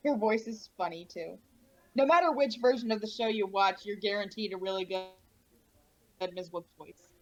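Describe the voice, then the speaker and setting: A woman's voice: mid-range voice, normal speed, muffled recording. A young woman co-hosting a casual chat, wry and blunt with a joking edge. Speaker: podcast co-host.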